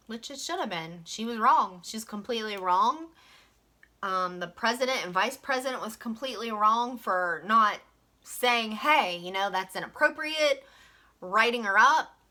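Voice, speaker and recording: Bright-voiced woman venting. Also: mid-range voice, unhurried, long pauses. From West Virginia. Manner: chatty, frank, many fillers. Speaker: vlogger. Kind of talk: casual storytime venting.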